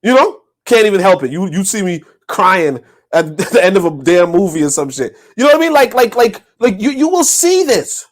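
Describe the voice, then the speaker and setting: A man with a high voice that swings wildly up and down, talking casually on a podcast. He rambles, swears freely and bursts into loud laughter. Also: normal speed, few pauses. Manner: animated, rambling, profane, laughs loudly. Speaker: podcast co-host.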